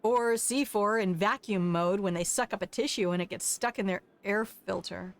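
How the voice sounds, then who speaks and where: An older woman streaming a game, reading its text aloud and putting on animated character voices. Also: mid-range voice, normal speed. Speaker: streamer playing a visual novel game.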